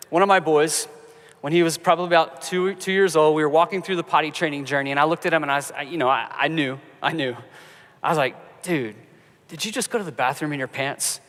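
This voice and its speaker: A male pastor preaches in a relaxed, conversational way, weaving in stories with a humorous touch. His voice sits a bit higher than most men's. A long reverb from the church sanctuary trails after each phrase. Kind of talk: sermon.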